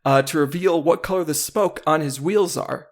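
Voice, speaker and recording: A man's voice: fairly high pitch, moderate pace. A man co-hosting a podcast in playful, rambling casual chat, often laughing. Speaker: podcast co-host.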